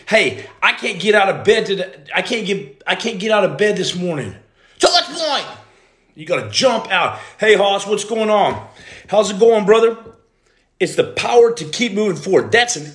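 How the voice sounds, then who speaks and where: A man in his forties hosting a casual live stream, greeting viewers by name and breaking into loud outbursts. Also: high-pitched. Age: 40s. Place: room at home. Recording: echoey room.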